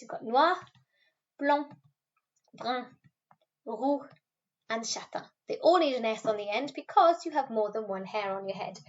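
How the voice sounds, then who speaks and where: A woman teacher talks pupils through a recorded French lesson, pausing to model words slowly and clearly. Her voice sits a little high. The recording is somewhat dull and lo-fi. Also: darkish tone. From Wales. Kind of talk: recorded classroom video lesson.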